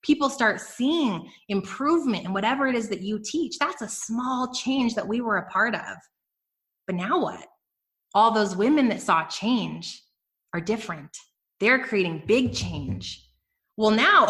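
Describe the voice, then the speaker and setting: A woman hosting a business podcast, giving energetic, emphatic motivational talk straight to her listeners. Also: medium pitch, measured pace. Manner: energetic, emphatic, addresses listeners as "you guys". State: emotional, near tears. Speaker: podcast host and business coach.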